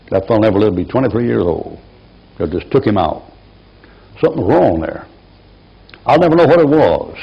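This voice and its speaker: A man's voice: on the low side, gravelly, husky, dull audio. A man in his seventies preaching a folksy sermon, telling rambling stories from his life. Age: 70s. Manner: rambling anecdotal storytelling.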